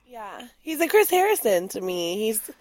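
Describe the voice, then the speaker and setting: A woman's voice: a little high, very animated, normal speed, dry recording. A woman co-hosting a podcast in casual chat, playful and rambling with lots of fillers and laughter. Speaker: podcast co-host.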